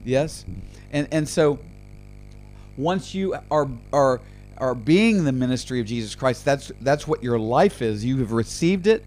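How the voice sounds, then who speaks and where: A man's voice: medium pitch, animated, unhurried, a little mellow, soft background music. A man preaching a radio sermon and leading a prayer, fervent and full of repeated words and restarts. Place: radio program.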